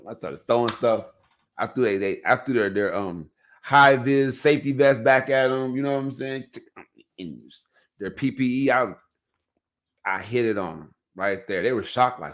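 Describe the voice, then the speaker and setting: A man's voice: medium pitch, normal speed, a bit bright. A man hosting a casual podcast, telling stories in a loose, chatty way and often saying "you know what I'm saying". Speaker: podcast host.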